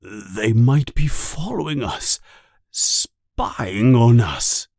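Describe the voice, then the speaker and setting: A blustering, easily rattled storybook uncle who stammers and barks his words out slowly, as a man puts him on. The voice is dry and close, with no room around it. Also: mid-range voice, sing-song, a little mellow, dry recording, full character voice. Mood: nervous. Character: blustering, scared middle-aged man.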